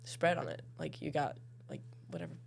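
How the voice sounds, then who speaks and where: A young woman from Norway with a Norwegian accent, a podcast guest chatting casually, laughing often and trailing off softly at the ends of her sentences. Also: deep voice, sing-song, fairly quick, creaky, slight background noise. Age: young adult. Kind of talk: casual chat.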